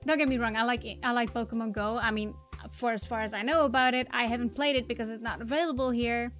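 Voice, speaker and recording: A young woman talks through a game with chatty, wry asides. Her voice sits high, and faint game music runs underneath. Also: steady tone, fairly quick. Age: young adult. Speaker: game streamer. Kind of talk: let's-play commentary.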